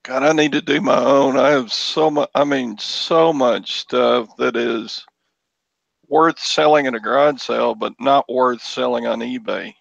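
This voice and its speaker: A man chatting casually on a live reseller show, unhurried and trailing off. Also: medium pitch, fairly even intonation, vocal fry, dry recording, highs cut off. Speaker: reseller guest. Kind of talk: casual chat.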